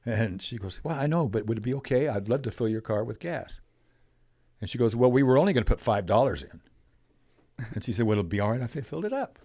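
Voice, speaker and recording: An older man telling stories as a podcast guest, animated, acting out quoted voices. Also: medium pitch, quick pace, dry recording, studio quality. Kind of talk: storytelling in a conversational interview.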